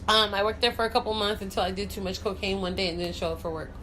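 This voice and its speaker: Bright, bubbly woman talk-show host. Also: medium pitch, rapid-fire, a little hiss or hum. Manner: bubbly, chatty storyteller; frank and profane. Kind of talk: casual chat.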